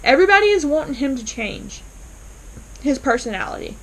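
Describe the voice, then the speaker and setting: A woman's voice: high-pitched, big pitch swings, brisk, a bit bright, low-quality recording. Chatty, upbeat woman recapping a TV episode. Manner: enthusiastic, retells scenes with many fillers. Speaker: TV episode reviewer. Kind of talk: casual recap and reaction.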